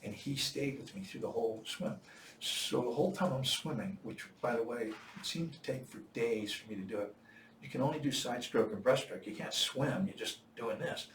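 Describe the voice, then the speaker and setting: A man's voice: mid-range voice, moderate pace. Older man telling a story, echoey room. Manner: animated, acts out quoted voices with bursts of loud shouting. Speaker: Marine veteran storyteller. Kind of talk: casual storytelling. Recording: echoey room, distant mic, faint noise.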